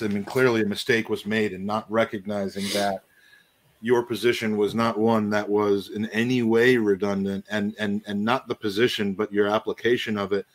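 Low-voiced man hosting a podcast. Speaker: podcast host. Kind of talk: casual conversational interview.

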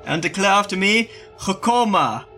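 A man's voice: sits high, expressive, normal speed, bright, forceful tone, soft background music. A man playing a tabletop game in character, calling out ritual words for others to repeat and often laughing. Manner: chanting commands, breaking into laughter. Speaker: player leading a ritual in character. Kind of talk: in-character tabletop role-play.

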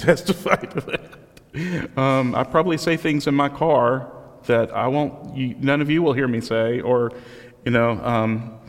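Man preaching in a reverberant hall. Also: medium pitch. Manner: conversational, self-deprecating storytelling. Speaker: pastor. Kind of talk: sermon.

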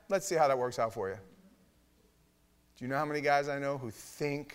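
A middle-aged man preaching a sermon in a Bible study, blunt and emphatic, with his voice swinging from loud to hushed. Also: medium pitch, vocal fry. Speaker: pastor teaching a Bible study.

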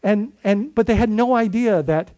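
A man's voice: sits high, normal speed, dark tone. A man preaching a sermon as lead pastor, speaking conversationally and putting questions to his congregation.

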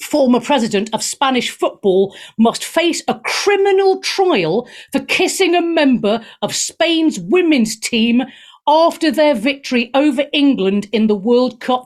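Brash, laughing woman radio host. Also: on the high side. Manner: brash, irreverent, laughing, swearing. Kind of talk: opinionated news chat.

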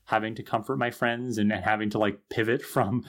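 A man's voice: lowish voice, steady tone, fairly quick, fairly bright tone. A man co-hosting a podcast, chatting enthusiastically and playfully about a show. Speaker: podcast co-host. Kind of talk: casual chat.

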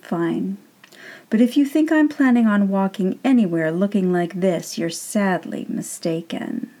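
A woman's voice: medium pitch, measured pace, mellow, natural voice. A woman reading aloud and voicing Death, a weary, blunt male figure who haggles grudgingly. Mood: dry. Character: weary, dry-witted male Death in a sackcloth robe.

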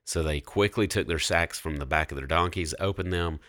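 Very deep-voiced man retelling a Bible story. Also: fairly quick, no echo, studio quality. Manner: relaxed storytelling, reads scripture aloud. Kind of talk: casual Bible discussion.

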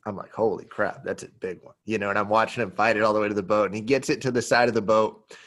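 A man on a podcast telling a fishing story in a casual, animated way, now and then acting out quotes. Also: quick pace. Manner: animated storyteller, acts out quotes in a high yelling voice. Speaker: podcast host and pro angler.

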